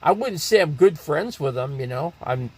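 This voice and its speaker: A man's voice: on the high side, animated, normal speed, husky, no room sound. An older man from Arizona hosting a live stream, rambling casually and answering viewers' chat comments aloud. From Scottsdale, Arizona.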